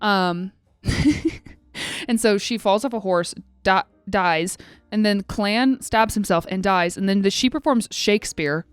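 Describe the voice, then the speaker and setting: A woman co-hosting a chatty podcast, walking through a film's plot with animated quoted asides. Her voice sits at a middle pitch and sounds close and dry, with no room around it. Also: slow pace, clear, resonant tone, dry recording, faint music behind. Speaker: podcast co-host. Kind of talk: casual chat.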